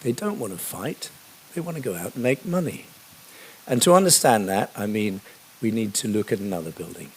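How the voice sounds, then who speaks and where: A man's voice: fairly low pitch, expressive, brisk, darkish tone, slightly rough. A man giving a history lecture in a conversational way, with frequent fillers and asides.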